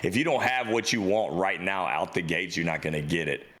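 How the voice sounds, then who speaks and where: A man's voice: low-pitched, brisk. A young man co-hosting a podcast in casual chat, telling stories with lots of swearing and acting out the other people in them. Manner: animated storyteller, swears freely, acts out quoted voices. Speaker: podcast co-host.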